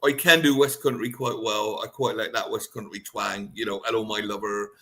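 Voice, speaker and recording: A man's voice: lowish voice, moderate pace, pushed and bright. A man hosting a radio talk show, chatty and jokey, often tagging "right?" onto his sentences. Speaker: radio host. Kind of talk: casual radio chat.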